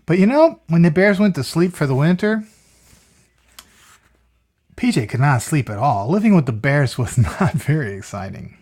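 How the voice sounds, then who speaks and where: Brief: lively picture-book reader, very expressive pitch, chats and asks the child questions. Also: normal speed, long pauses. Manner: chatty asides and questions to the listener. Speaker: storyteller reading to a child. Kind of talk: reading a picture book aloud.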